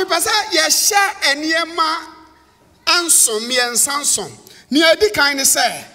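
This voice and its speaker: A Ghanaian pastor whose first language is Twi preaches in an extremely high, bright, forceful voice, the long reverb of a church hall around him. His sermon switches between English and Twi as he repeats key words and calls out to the congregation.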